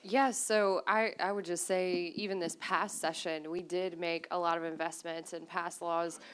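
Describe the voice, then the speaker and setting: A woman's voice: on the low side, little pitch movement, normal speed, fairly bright tone, smooth. A woman state legislator answering a question on a panel in an upbeat, conversational way. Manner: upbeat, conversational, many fillers.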